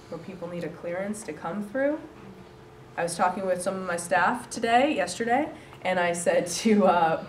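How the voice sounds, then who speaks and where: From a distance in an echoey room, a low-voiced woman gives a lively pitch to an audience as a coworking space director. She's chatty, animated and joking, laughing often, and the roomy recording carries faint noise.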